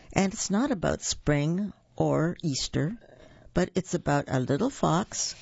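Gravelly picture-book reader. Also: mid-range voice, darkish tone, no room sound, lo-fi sound. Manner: chatty asides to young listeners. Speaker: storyteller. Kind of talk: reading a picture book aloud.

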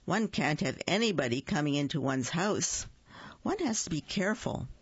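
A woman's voice: deep voice, animated, moderate pace, breathy edge, no echo, muffled recording, exaggerated voice. A woman voicing a prim, fussy, cautious male rabbit in a children's story.

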